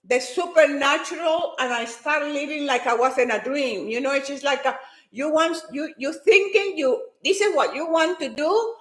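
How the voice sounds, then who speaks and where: A woman telling a personal story with excitement, talking fast and restarting her sentences as she goes. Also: high voice. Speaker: fitness and motivation speaker. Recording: echoey room.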